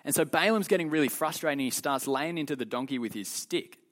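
A man leading a youth Bible lesson, telling the story in an animated, casual way full of slang. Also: a little high, quick pace. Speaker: youth leader teaching.

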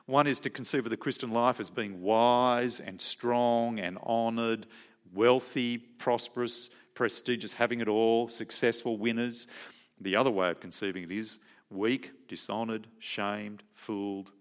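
A man's voice: medium pitch, fairly even intonation, a little slow, smooth. Male preacher, conversational sermon, questions the congregation.

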